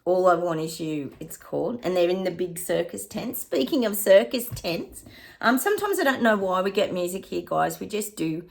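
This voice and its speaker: A middle-aged woman with an Australian accent, a psychic giving a chatty reading to her viewers, often pausing to say hang on and laughing. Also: fairly low pitch, big pitch swings, vocal fry, a little mellow. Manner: laughs often and hums snatches of songs.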